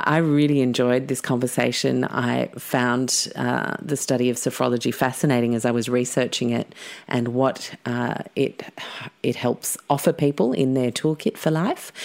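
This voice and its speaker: A woman hosts a podcast and reads an ad. Her voice sits low, and she talks in an eager, chatty way with plenty of fillers. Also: vocal fry, a little mellow. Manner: enthusiastic, chatty with many fillers. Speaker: podcast host. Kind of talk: podcast intro and ad read.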